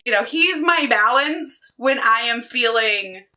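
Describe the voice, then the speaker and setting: Woman, 30s, casual vlog chat, bright voice, upbeat and energetic. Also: on the high side, a little slow, low-quality recording. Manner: chatty, energetic, upbeat storytelling. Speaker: book vlogger.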